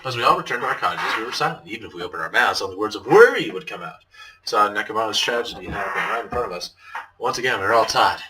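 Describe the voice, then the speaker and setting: A man's voice: on the low side, animated, fast talker, noisy background. A man reading a visual novel aloud and narrating its story. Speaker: game narrator and voice reader.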